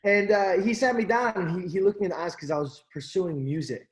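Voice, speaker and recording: The interview guest, a young actor and social media creator, has a high voice and a brisk delivery, with a roomy sound around him. He tells animated stories packed with fillers and quotes he acts out.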